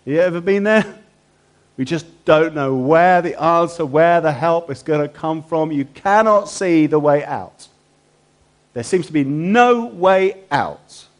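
A man preaching a sermon. His voice sits a little high for a man, and he keeps turning to the congregation with rhetorical questions. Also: animated, a little slow. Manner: asks the listeners many rhetorical questions.

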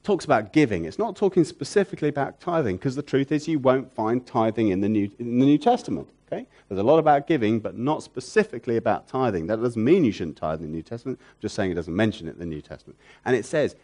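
Lively, expressive male preacher. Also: medium pitch, quick pace. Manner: repeats phrases for emphasis, asks rhetorical questions; swings from loud emphatic peaks down to soft, hushed lines. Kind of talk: sermon.

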